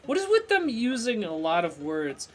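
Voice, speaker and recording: A man's voice: high voice, huge pitch swings, moderate pace, faint music behind. A man streaming a video game live, chatting playfully and reading the game's text aloud as he goes.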